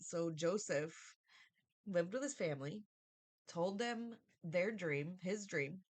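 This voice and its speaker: A woman giving a casual, rambling Bible study review, thinking aloud and often asking "right?". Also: on the low side.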